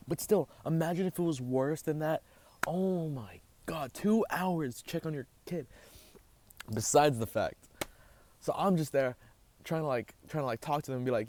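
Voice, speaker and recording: A young man hosting a casual storytime vlog, animated and swearing as he gets heated. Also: a little high, moderate pace, a little hiss or hum. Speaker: vlogger host.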